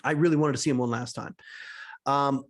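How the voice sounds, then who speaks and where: A man's voice: medium pitch, steady tone, a little fast. A man hosting a podcast, reading aloud his own written story, often chuckling between sentences and getting emotional. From Canada. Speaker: podcast host.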